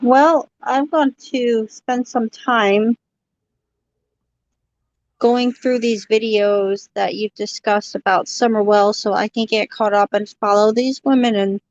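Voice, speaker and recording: A woman guest and parent in a casual chat, speaking earnestly and haltingly, with many questions. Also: on the high side, fairly even intonation, a little mellow, no room sound. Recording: dry, dull lo-fi sound.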